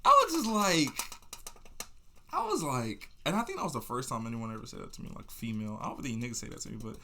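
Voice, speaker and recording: A young man hosting a podcast, telling a story in a loose, rambling way, full of slang, asides and restarts. His voice sits at an everyday pitch and his delivery stays easygoing. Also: lively intonation, racing, fairly bright tone, slight background noise. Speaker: podcast host. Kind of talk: casual storytelling monologue.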